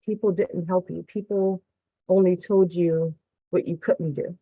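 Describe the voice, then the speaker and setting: Speaking at a measured pace, this woman has a fairly low pitch and a steady tone, with no echo around her. She's a student member of the community offering a heartfelt, earnest testimonial on a group call, close to crying. The recording comes through a dry, tinny, phone-like line.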